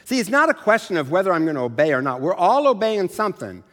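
Middle-aged guy preaching, kinda high voice, chatty and poking fun at himself, lots of hall echo. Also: sing-song, fast, fairly bright tone. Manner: conversational, self-deprecating preaching. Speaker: pastor. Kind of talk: sermon. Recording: long reverb of a large hall.

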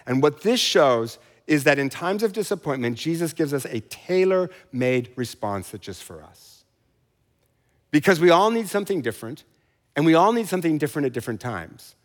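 A middle-aged male pastor delivering a sermon in a lively, playful way, with quick asides and mock voices. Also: a little high, big-room sound.

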